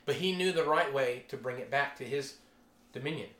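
Animated preacher with a bright voice. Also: male voice, medium pitch, a little fast, reverberant. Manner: animated, exclaiming and laughing, chatty storytelling. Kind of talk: casual sermon to a small group.

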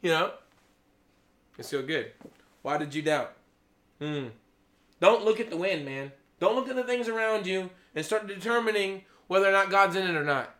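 A man preaching an informal sermon, excitable, laughing, then dropping to a hushed, awed tone. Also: sits high, moderate pace.

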